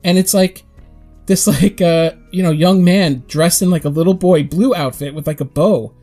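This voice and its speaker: A man co-hosting a podcast talks in a rambling, animated way, slipping into quick acted-out quotes. His voice sits a little high. Faint music plays underneath. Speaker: podcast co-host. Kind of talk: casual chat.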